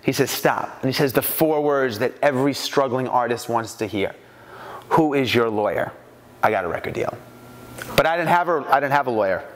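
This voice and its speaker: A man from New York giving an animated storytelling talk at a business mastermind and acting out the voices in his anecdotes. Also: medium pitch, quick pace, big-room sound. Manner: animated, acts out quoted voices.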